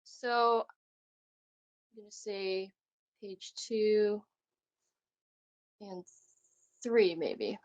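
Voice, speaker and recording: Higher-pitched woman teaching a remote class. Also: extremely slow, pauses often, poor audio. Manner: encouraging, questioning students, reading text aloud. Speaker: arts teaching artist. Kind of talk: remote class demonstration, reading a picture book aloud. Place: video call lesson.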